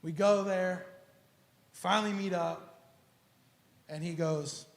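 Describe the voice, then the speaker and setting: A man preaching a sermon, telling a personal story in an animated, casual way full of slang and acted-out dialogue. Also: a little high, slow, long pauses. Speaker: pastor. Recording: echoey church hall.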